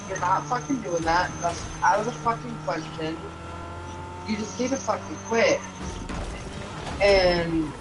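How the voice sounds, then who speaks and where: A man with a high-pitched voice tells a story in casual, profanity-laced speech that stays emotional throughout. Loud background noise sits behind his voice. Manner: heavily profane, emotional retelling. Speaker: parent and game streamer.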